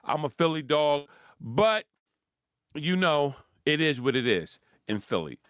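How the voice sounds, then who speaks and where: A man with a Philadelphia accent talking sports in a rambling, animated monologue, acting out quotes and laughing often. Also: a little high, a little slow, dry recording, clean studio sound. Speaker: sports commentator host. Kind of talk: casual monologue.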